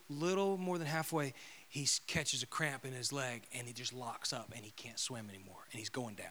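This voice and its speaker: A male pastor preaching a sermon, telling a story and swinging from loud proclamation to a hushed whisper. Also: mid-range voice.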